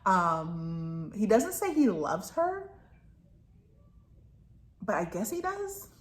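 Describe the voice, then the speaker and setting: A woman's voice: mid-range voice, big pitch swings, very slow. A woman talking casually about a book she is reading, rambling with lots of asides and fillers. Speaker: book reviewer. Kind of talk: casual book review chat. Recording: roomy echo.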